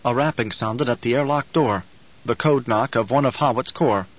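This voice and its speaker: A man narrates a novel in an even, measured way, at a middling pitch. The recording has a dull, lo-fi sound. His reading stays steady throughout. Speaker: audiobook narrator. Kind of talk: scripted narration.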